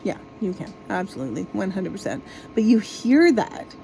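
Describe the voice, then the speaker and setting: Mellow-voiced woman ranting, exasperated. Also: medium pitch, very animated, normal speed, vocal fry, slight background noise, poor audio. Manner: exasperated, swears freely. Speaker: vlogger. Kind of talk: casual ranting monologue.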